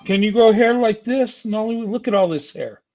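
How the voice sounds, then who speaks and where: A man's voice: high-pitched, moderate pace, darkish tone, dull audio. An older man streaming a heated, insulting rant at a rival. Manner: angry, insulting, taunting.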